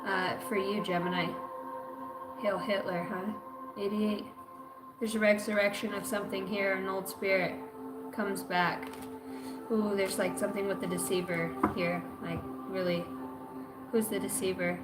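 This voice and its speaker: A woman's voice: medium pitch, flat delivery, a little slow, pauses often. A woman giving a loose, rambling spiritual reading on a live stream, slangy and full of swearing. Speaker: spiritual reader. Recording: echoey room with music behind.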